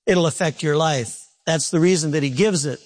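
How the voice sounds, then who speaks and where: High-voiced, animated preacher man. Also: moderate pace. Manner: animated, conversational preaching with repetition and asides to the congregation. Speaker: pastor. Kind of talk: sermon.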